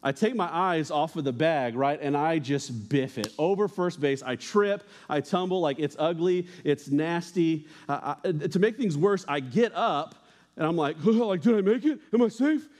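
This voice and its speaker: A man's voice: fairly high pitch, unhurried. Young male pastor, casual joking sermon. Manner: conversational, joking asides to the congregation.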